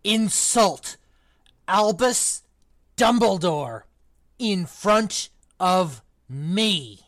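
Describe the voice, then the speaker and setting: A podcast reader voicing a big, gruff male half-giant gamekeeper in a book club read-aloud, with rough country speech and loud bursts. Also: medium pitch, animated, moderate pace, dry recording, studio quality. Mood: furious.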